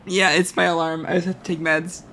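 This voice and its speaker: Bright-voiced, easy-laughing man gaming. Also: fairly high pitch, flat delivery, slight background noise. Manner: agreeable, laughs easily, quick to fill in facts. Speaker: let's play co-host. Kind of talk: casual gaming commentary.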